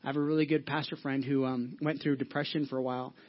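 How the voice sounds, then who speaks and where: A man's voice: medium pitch, little pitch movement, fast talker, lo-fi sound. A man preaching a sermon to his church in a conversational way, often checking in with the room. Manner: conversational, asks the audience questions, many restarts. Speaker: pastor. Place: church hall with audience.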